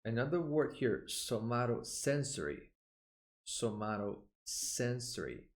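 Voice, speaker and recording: A man teaching medical vocabulary in a recorded online lesson, explaining each term and repeating it slowly for pronunciation, with frequent "uh" fillers. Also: medium pitch, sing-song.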